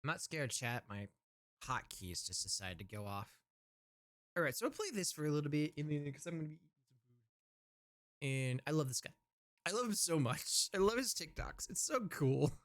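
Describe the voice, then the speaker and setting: A man's voice: fairly high pitch, sing-song, normal speed, long pauses. A man streaming and chatting casually with his viewers, easygoing and rambling.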